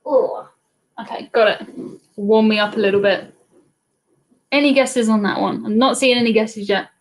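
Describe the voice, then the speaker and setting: British woman, trivia host, fairly high voice, chatty, laptop webcam mic. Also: moderate pace. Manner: chatty, reads out viewers' comments and answers them. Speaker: host of a live cruise trivia stream. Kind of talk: casual live-stream chat.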